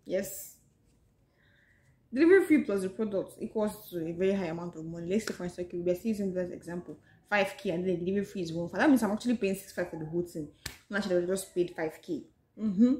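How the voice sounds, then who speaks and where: A woman's voice: lowish voice, quick pace, dark tone, roomy sound. A woman with a Nigerian accent chatting casually to her viewers in a book-summary vlog, often saying "so yes" and talking to them directly. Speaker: vlogger.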